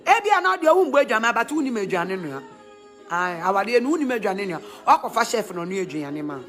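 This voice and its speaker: A middle-aged woman with a Ghanaian accent giving emphatic, preachy advice in animated talk, laughing often. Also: medium pitch, fast, faint music behind.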